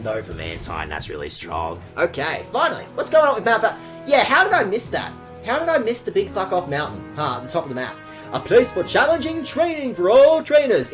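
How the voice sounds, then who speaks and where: Chatty, swearing woman streamer. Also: sits low. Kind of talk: casual game commentary.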